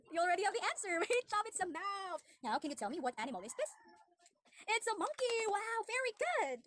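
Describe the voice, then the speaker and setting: A woman with a very high, lively voice gives a demo English lesson to a small child. She talks slowly and gives big, cheerful praise. Her tone is bright, with faint noise behind her. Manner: exaggerated cheerful praise, slow teacher-talk to a small child. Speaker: online English teacher.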